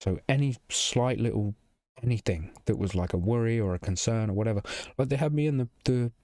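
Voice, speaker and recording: A man's voice: medium pitch, fairly quick, a little mellow, no echo, clean studio sound. A young man telling a rambling story to camera in casual vlog style, swearing freely and full of fillers and restarts. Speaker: vlogger.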